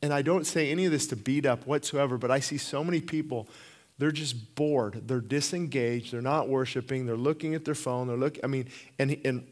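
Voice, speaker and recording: A middle-aged man preaches with fervent, pressing conviction, his voice sitting a little high for a man. He often doubles back, repeating words and restarting phrases as he drives his point home. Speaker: pastor. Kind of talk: sermon.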